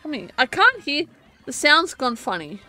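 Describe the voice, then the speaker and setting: A drunk woman streaming from home, talking loudly, rambling and giggling at a desk mic. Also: high-pitched, sing-song, normal speed, soft background music. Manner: loud, rambling, laughing. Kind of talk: casual live-stream chat. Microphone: desk microphone.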